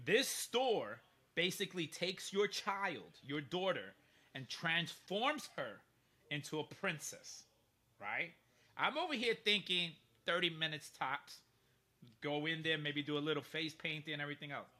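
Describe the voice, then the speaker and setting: A man telling a story in casual chat, animated and profane, often laughing mid-sentence. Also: on the high side, a little slow. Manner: animated, profane, laughs through his stories.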